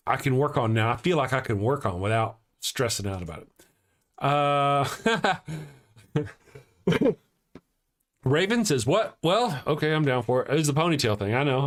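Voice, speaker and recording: Rambling man hosting a live show. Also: medium pitch. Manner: rambling, swings between loud teasing rants and quiet heartfelt thanks. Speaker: host of a live morning show. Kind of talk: casual livestream chat, reading the chat aloud.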